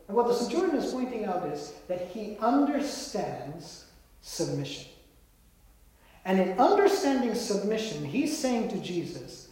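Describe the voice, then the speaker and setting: A man preaching a sermon in a measured, emphatic way with dramatic pauses, heard in a large hall. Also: sits high, very animated, a little mellow. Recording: echoey hall.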